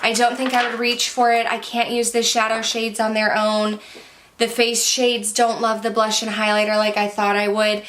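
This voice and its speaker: A woman's voice: on the high side, level tone, normal speed, fairly bright tone, a little hiss or hum. A young woman vlogging a casual makeup product review, chatty and candid, sounding slightly out of breath. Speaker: beauty vlogger.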